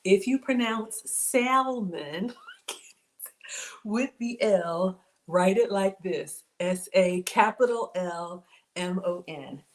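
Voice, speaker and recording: A woman's voice: fairly low pitch, slow pace, darkish tone. A woman hosting a casual cooking livestream, chatty and bubbly, laughing often as she reads viewer comments aloud. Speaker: home cook livestream host.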